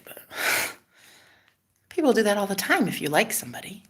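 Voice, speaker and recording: A woman telling a story to camera in a casual vlog, chatty and dramatic, with frequent swearing, her voice dropping to a hush and then rising loud. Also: medium pitch, very animated, moderate pace, breathy edge. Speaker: vlogger.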